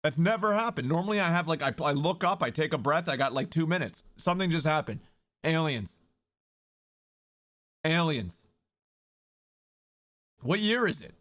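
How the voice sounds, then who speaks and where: A man live-streaming who talks loudly and excitably, swearing and greeting viewers in chat. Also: a little high, quick pace, few pauses.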